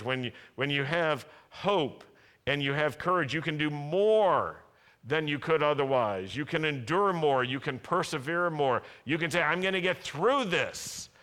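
A man's voice: medium pitch, a bit bright. A man preaching a sermon as pastor, asking the congregation to answer him. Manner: preaching, asks the congregation to respond. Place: large worship hall. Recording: long hall reverb.

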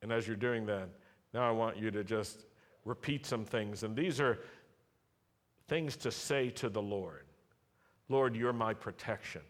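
A male pastor leading his congregation in prayer during a sermon, slow and deliberate, with repeated call-and-response lines. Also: on the low side. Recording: long hall reverb.

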